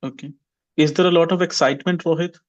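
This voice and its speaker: A man's voice: a little high, steady tone, fast talker, muffled recording. A man teaching an online English pronunciation class, calling on students by name and having them repeat words. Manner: questions students by name, drills repetition.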